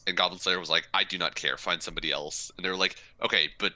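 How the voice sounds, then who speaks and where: A man's voice: sits low, steady tone, quick pace, pushed and bright. A man co-hosting a podcast, eagerly explaining fantasy lore and recapping an anime in casual chat, swearing freely. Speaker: podcast co-host.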